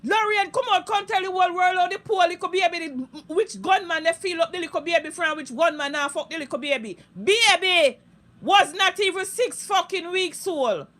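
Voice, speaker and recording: A woman's voice: very high-pitched, normal speed, a bit bright. A Jamaican woman streaming live on social media, delivering a heated, profane, repetitive rant in thick Patois.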